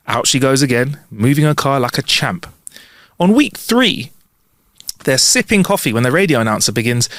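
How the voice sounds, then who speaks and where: A man's voice: mid-range voice, animated, moderate pace, fairly bright tone, no room sound. Man, podcast co-host, jokey banter, dry close mic. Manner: jokey, laughs often, rambling asides. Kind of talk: casual chat, reading jokes aloud.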